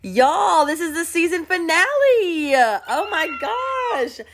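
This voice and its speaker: A chatty woman hosts her podcast. Her pitch swings lively from line to line, and she laughs often and reads aloud playfully. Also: takes it slowly, slight background noise. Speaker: podcast host. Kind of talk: casual chat.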